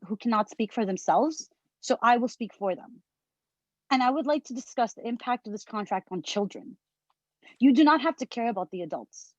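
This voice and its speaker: A woman's voice: fairly high pitch, a little mellow, dry recording. A woman in her thirties from New Jersey, a teacher and mother, giving an earnest, emotional public comment at a meeting. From Hudson County, New Jersey. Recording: muffled lo-fi meeting audio.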